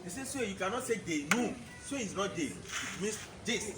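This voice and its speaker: A man's voice: high voice, animated, moderate pace, over loud music. A man teaching a French class, drilling words and having students repeat them. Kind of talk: classroom language lesson.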